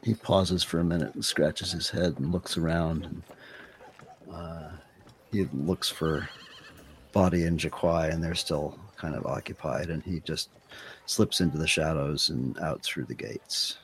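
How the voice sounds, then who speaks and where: A man with a very deep voice narrates his character's moves at a slow pace. He halts often, and faint noise sits behind him. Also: fairly even intonation. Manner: halting, filler-heavy. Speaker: player.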